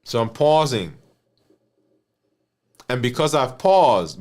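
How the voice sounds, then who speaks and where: Earnest man coaching on emotional eating. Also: medium pitch. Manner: earnest, repeats "right?" and restarts phrases. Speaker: physician and health coach. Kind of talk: teaching monologue.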